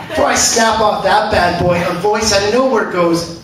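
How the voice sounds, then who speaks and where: A Canadian man doing a profane, brash stand-up set with quick asides. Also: high-pitched. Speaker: stand-up comedian. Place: comedy club stage. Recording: echoey club, far from mic, audience noise. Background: audience laughter.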